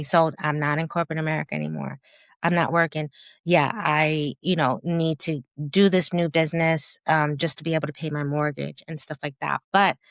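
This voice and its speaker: A woman in her fifties, a guest in a candid interview, telling her story in an animated way and acting out her own past thoughts with laughter. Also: low-pitched, dry recording, clean studio sound. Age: 50s. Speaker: podcast guest, business founder.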